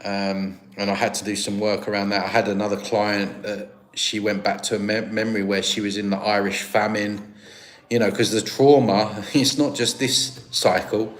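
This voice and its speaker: An English man with a fairly low pitch and flat delivery talks at normal speed while hosting a live stream. He chats casually, reading and answering viewer comments in a rambling, easygoing way, often restarting sentences and laughing.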